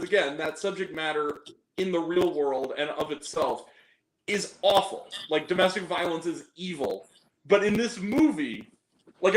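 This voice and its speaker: A man giving a casual film review, animated, laughing often and acting out scenes in lively quoted voices. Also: high-pitched. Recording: echoey room with faint noise.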